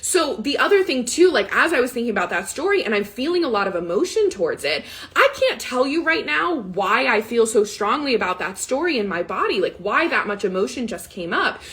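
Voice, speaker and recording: Speaking a little high in a sing-song, fairly bright voice, she moves briskly with hardly a pause. The woman, in her thirties, hosts casual live money coaching and tells a personal story so candidly and emotionally that she's near tears, repeatedly saying "right?" and "like."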